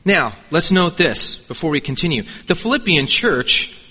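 A man's voice: a little high, big pitch swings, moderate pace, sharp tone, slightly rough. A man preaching a sermon as pastor, emphatic and repeating key words for weight. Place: church sanctuary. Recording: long reverb in a large church hall.

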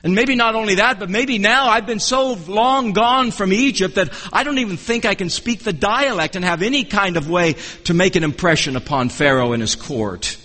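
A man with a notably high voice delivers an expository sermon, earnest and measured, circling back to restart his phrases as he teaches. His words ring out with a long reverb, as from a church sanctuary. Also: lively intonation, bright, forceful tone. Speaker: preacher.

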